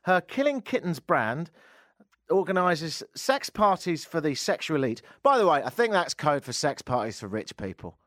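Animated, sarcastic male radio host. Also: on the high side, moderate pace, no room sound, studio quality. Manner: sarcastic, jokey asides. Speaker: radio talk show host. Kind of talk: radio talk show, reading and riffing on odd news. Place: radio studio. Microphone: studio microphone.

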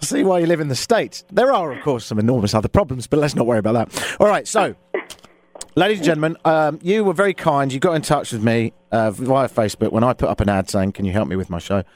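A man's voice: medium pitch, expressive, fast, dry recording. A man hosting a comedic radio show, talking in a sarcastic, theatrical way. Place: Toronto, Canada.

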